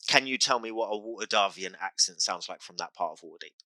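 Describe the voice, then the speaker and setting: A British man hosts a casual podcast chat, earnest and full of advice, often circling back to restart his sentences. His voice sits a little low but rings very bright. The sound is dry and close. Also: animated, fast talker, no echo, poor audio. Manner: earnest, advice-giving, repeats and restarts phrases. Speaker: dungeon master and podcast host.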